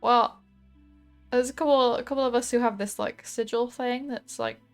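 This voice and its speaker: A woman's voice: on the high side, steady tone, moderate pace, faint music behind. Giggly woman playing a tabletop game. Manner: giggly, chatty. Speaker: streamer and player. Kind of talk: casual tabletop play.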